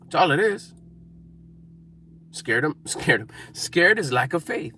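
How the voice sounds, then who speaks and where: A man's voice: a little high, very animated, takes it slowly, pushed and bright, a little hiss or hum. A man giving an emphatic, repetitive motivational talk to camera, coaching viewers. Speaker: motivational speaker.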